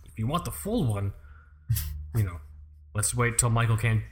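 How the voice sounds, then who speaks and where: A man in his thirties hosting a podcast in a casual, rambling chat, full of swearing and quick asides. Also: mid-range voice, lively intonation, slight background noise. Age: 30s. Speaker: podcast host.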